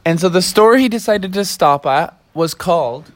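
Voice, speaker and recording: A woman's voice: lowish voice, animated, moderate pace, slight background noise. A woman hosting a children's storytelling show, inviting the children to help tell the tale. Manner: warm, inviting, prompts children to add. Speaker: storyteller host.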